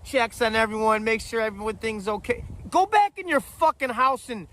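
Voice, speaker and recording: Fiery, profane high-voiced man in his forties. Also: moderate pace, fairly bright tone. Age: 40s. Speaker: vlogger telling a story. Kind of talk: heated storytelling monologue.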